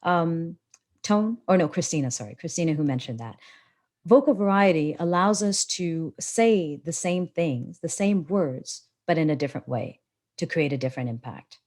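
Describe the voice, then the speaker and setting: Hosting a live webinar via laptop video call, this public speaking coach uses a low-pitched voice at normal speed. Her delivery is animated and expressive, swinging widely in tone as she teaches.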